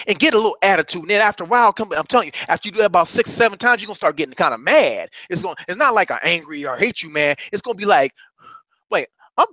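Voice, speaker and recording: A man's voice: sits high, lively intonation, very fast, sharp tone, no echo. A middle-aged man coaching listeners on a broadcast, preaching with rising passion and repeating phrases like a mantra. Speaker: motivational coach. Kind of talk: motivational talk on a broadcast.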